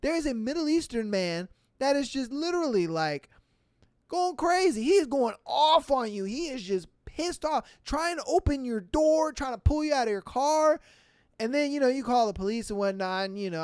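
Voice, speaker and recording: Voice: medium pitch, darkish tone, clear, resonant tone, no echo, clean studio sound. A podcast host casually reading out listener stories and reacting to them in slang, often laughing.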